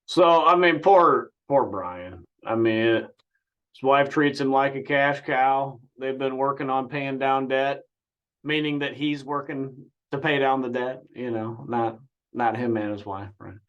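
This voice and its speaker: A man's voice: mid-range voice, fairly even intonation, measured pace, highs cut off. A man giving sarcastic, incredulous reaction commentary on a call-in clip.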